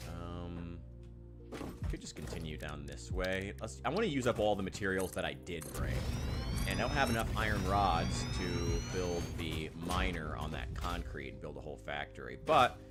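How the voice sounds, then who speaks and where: A man's voice: sits low, lively intonation, normal speed. A man giving casual, rambling commentary to himself while he plays a game. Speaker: gaming channel host. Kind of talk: casual let's-play commentary. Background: lo-fi music playing.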